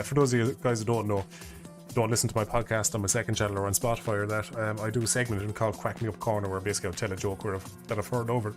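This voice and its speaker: Rambling Irish man streaming, low voice. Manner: rambling, swears casually, laughs often. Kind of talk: casual live-stream chat. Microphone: desk microphone.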